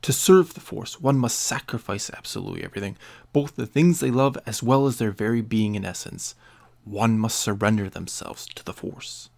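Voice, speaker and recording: A man voicing a cold, calm young man who has turned toward darkness in a read-aloud story. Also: lowish voice, normal speed, creaky.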